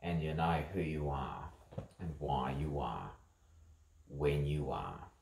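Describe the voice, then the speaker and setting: A man's voice: very deep voice, slow pace, vocal fry, darkish tone, echoey room. A man delivering a rambling, repetitive spoken monologue, musing to himself.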